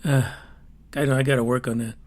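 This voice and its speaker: A man's voice: a little high, lively intonation, normal speed. A man hosting a solo podcast, talking casually with wry asides and lots of fillers. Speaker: podcast host.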